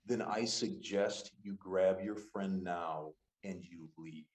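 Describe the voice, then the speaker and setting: A man's voice: low-pitched, slow pace, darkish tone, pitched below the performer's own voice. A man voicing a flustered, apologetic bathhouse hostess who stammers and pleads politely. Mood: stern. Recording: roomy echo.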